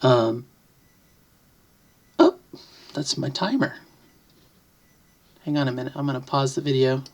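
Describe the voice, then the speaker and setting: A woman's voice: rumbling low, measured pace, long pauses, a little mellow, dull audio. A middle-aged woman vlogging at home, casually explaining things to the camera and often correcting herself mid-sentence. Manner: rambling, self-correcting, thinks aloud. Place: home, near the kitchen.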